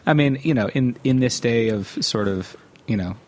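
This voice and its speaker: A man's voice: mid-range voice, normal speed, darkish tone. A man in his forties from Westchester, hosting a casual podcast interview in an easygoing, hesitant way with plenty of fillers. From Westchester, New York. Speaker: podcast host.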